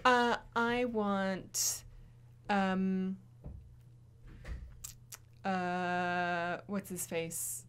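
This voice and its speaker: A woman's voice: mid-range voice, level tone, very slow, long pauses, smooth. A woman co-hosting a casual podcast chat, mostly agreeing in short replies and sometimes getting enthusiastic. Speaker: podcast co-host.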